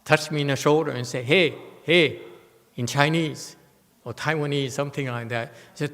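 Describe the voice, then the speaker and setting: A man's voice: a little high, moderate pace, fairly bright tone, long reverb tail. A man giving a Buddhist dharma talk, telling stories animatedly and tossing rhetorical questions to his listeners. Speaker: Buddhist teacher. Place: temple hall.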